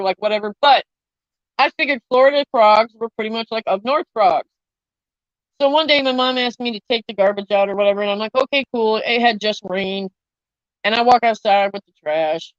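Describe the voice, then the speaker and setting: Woman vlogger, casual and profane storyteller, slightly high voice, dry, muffled home recording. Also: no room sound. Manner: animated, profane, chatty, talks to viewers. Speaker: vlogger, army veteran.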